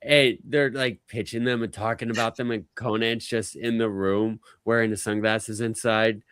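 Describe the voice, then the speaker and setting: A man's voice: lowish voice, moderate pace, clear, resonant tone, dry recording. A man co-hosting a podcast who tells stories in loose, profane chat. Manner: profane, animated storytelling. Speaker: podcast co-host. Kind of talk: casual chat.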